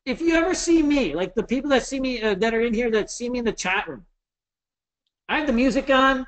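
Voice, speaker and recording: A man in his thirties giving a casual webinar lesson on trading, animated and jokey, with some swearing. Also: very high voice, a little fast. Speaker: trading instructor.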